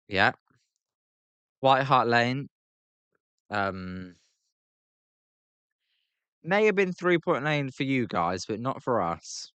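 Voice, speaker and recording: A man's voice: mid-range voice, sing-song, drawn-out words, pauses often, fairly bright tone, clear, resonant tone, dry recording. A British man hosting a live baseball reaction stream, mixing casual play-by-play with chatty, rambling talk full of fillers and restarts.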